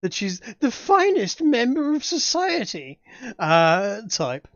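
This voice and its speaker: Hesitant English game master. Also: male voice, very high voice, huge pitch swings, takes it slowly, a bit bright, dry recording, dull audio. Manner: hesitant, many fillers and restarts. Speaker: dungeon master. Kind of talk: narrating a tabletop game.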